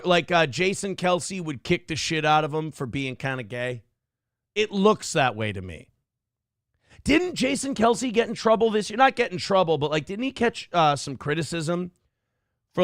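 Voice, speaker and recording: A man's voice: on the high side, fairly bright tone, no room sound, clean studio sound. A man hosting a talk show, talking casually with crude, sarcastic, mocking jabs. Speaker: show host. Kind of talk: casual profane commentary.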